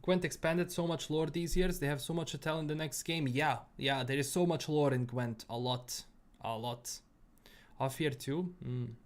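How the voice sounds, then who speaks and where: Young male gaming streamer, from Bosnia, accent a blend of British and American with a Bosnian edge; loose, rambling chat to viewers, voice sits a bit high. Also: normal speed. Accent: Bosnian-tinged English mixed with British and American sounds. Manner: easygoing, rambling, many fillers and repeats. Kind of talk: casual livestream chat answering viewers.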